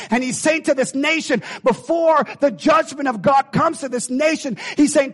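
A man preaching a sermon with impassioned delivery, swinging between loud calls and hushed, intense passages and acting out God's voice. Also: very high-pitched, normal speed, hardly any pauses.

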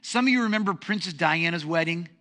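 A middle-aged man preaching a sermon as pastor, telling stories in an animated, self-deprecating way. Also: a little high, fast talker. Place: church sanctuary.

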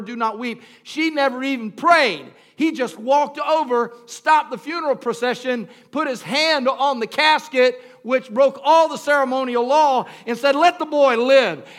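Speaking straight to the congregation and calling for responses, this male pastor delivers a sermon in an extremely high voice. His delivery swings from hushed storytelling to shouting.

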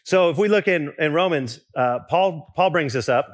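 A young man preaching a sermon in a relaxed, conversational way, with restarts and asides to the congregation. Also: a little high, normal speed. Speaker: pastor.

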